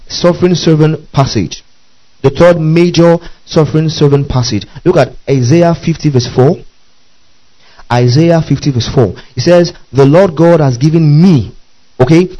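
A man's voice: on the high side, dark tone, dull audio. A man teaching a sermon, reading scripture aloud and often checking in with his listeners. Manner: repeatedly checks in with listeners asking okay and do you see that. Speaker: Bible teacher.

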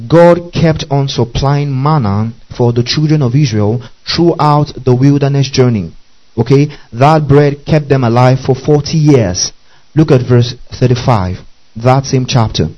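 A man teaching a Bible passage verse by verse, often pausing to ask his listeners if they follow. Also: medium pitch, mellow, lo-fi sound. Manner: checks in often with "okay?" and "you see that?".

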